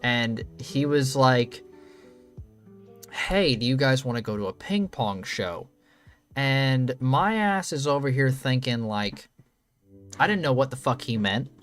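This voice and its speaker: A man's voice: mid-range voice, slow, long pauses, soft background music. Profane rambling young man storyteller. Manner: profane, rambling, animated storytelling with lots of fillers. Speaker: channel host. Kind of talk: casual storytelling to camera.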